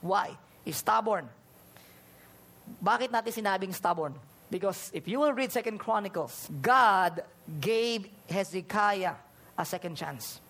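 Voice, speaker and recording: Filipino-accented preacher, lively delivery, acts out dialogue and scripture voices during the sermon. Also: medium pitch, a little slow. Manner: animated, acts out conversations and Bible speeches in voices. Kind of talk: sermon mixing Tagalog and English.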